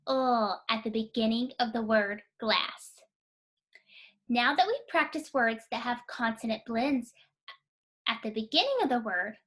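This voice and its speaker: A woman teaching a phonics lesson to young children, sounding out words slowly, clearly and encouragingly. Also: a little high, a bit bright. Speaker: kindergarten teacher.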